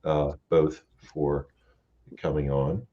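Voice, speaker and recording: A man's voice: rumbling low, flat delivery, slow. A man hosting a casual late-night livestream, rambling and swearing freely as he chats with guests. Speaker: livestream host. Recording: dull lo-fi stream audio with faint hiss.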